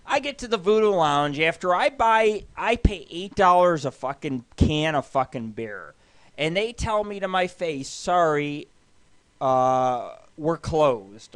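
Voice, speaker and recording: A man hosting a live internet radio show, drunk and rambling through a crude, boastful story with loud outbursts. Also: fairly high pitch, no echo.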